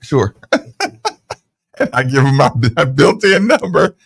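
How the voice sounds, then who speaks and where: Playful male co-host, higher, lively pitch; dry close mic. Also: measured pace, vocal fry, breathy edge, no room sound. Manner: playful, jokey. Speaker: podcast co-host. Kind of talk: casual chat.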